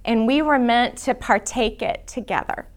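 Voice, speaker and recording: A middle-aged woman leads a church prayer class in a slightly high voice at a moderate pace. Earnest and emotional, she drops to soft whispers whenever she quotes prayers.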